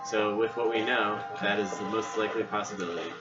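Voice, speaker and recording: A man's voice: lowish voice, steady tone, fast. A man playing a video game, reading the dialogue aloud in a jokey way and laughing often. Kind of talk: casual let's-play narration with put-on voices. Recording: dull lo-fi audio with loud game music.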